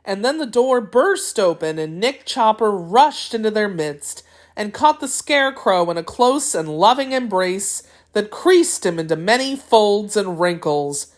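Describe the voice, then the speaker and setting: A woman's voice: medium pitch, expressive, measured pace. Woman narrating a storybook. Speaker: audiobook narrator.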